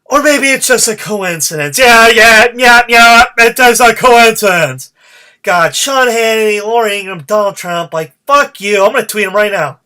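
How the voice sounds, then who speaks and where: A man rants alone into his podcast mic, swearing freely and working himself into a fired-up state. His voice has a bright, cutting edge throughout. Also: high voice, expressive, normal speed. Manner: fired-up, profane, ranting. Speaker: podcast host. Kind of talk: solo podcast rant.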